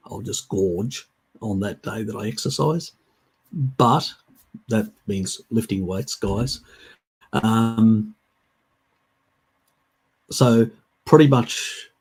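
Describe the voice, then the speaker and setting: A man's voice: lowish voice, a little mellow, breathy edge. A man hosting a livestream, answering viewer questions in a chatty, rambling way. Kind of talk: casual livestream Q&A.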